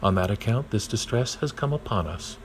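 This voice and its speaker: Worried brothers owning up, earnest, lowish voice guy reading the parts. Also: lively intonation, brisk, slight background noise, close to an everyday voice, low-quality recording. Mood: remorseful. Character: guilt-stricken band of grown brothers.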